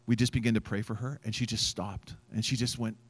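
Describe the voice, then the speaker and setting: A man preaching a sermon as a pastor, telling a story in an animated way, acting out quotes and using many fillers. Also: on the low side, brisk, slightly rough. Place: church event stage.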